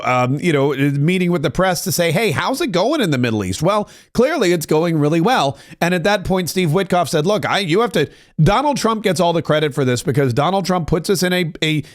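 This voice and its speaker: A man hosting a political commentary podcast, talking in a sarcastic, animated way and quoting others. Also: fairly high pitch. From United States. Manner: sarcastic, animated, quotes others in put-on voices. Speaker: podcast host.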